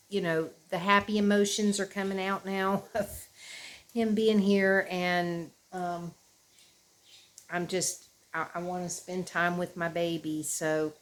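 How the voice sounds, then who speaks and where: Woman rambling fondly to camera. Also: lowish voice. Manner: rambling, tender, emotional, says "y'all". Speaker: vlogger. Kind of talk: casual chat to camera. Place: at home indoors.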